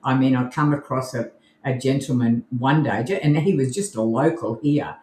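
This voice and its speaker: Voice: mid-range voice, moderate pace, a little mellow, slight background noise. A podcast co-host with an Australian accent, chatting casually and enthusiastically on a live show and laughing easily. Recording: roomy echo.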